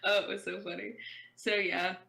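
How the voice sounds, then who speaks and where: A woman's voice: mid-range voice, little pitch movement, moderate pace, creaky, sharp tone. A woman co-hosting a casual fan podcast, recapping scenes eagerly and rambling on at length. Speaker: podcast co-host.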